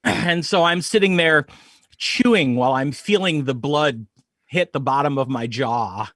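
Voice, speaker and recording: A man's voice: a little high, a little slow, a bit bright, no room sound, clean studio sound. A man playing a tabletop game, describing his moves with gleeful, gory relish. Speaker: player. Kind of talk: tabletop role-play chat.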